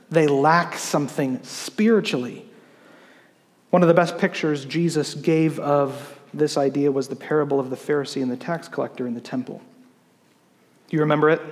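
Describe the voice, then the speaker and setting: A man, a pastor, preaching a sermon in an explanatory teaching manner, slowing down to read scripture. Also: a little high, long reverb tail.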